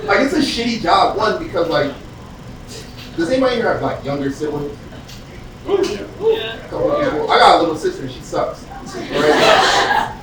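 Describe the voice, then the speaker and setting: A man's voice: sits high, huge pitch swings, a little slow, pauses often. A man from the US East Coast doing a profane, conversational stand-up set and acting out characters. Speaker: stand-up comedian. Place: comedy club stage with live audience. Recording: distant echoey club recording with audience noise.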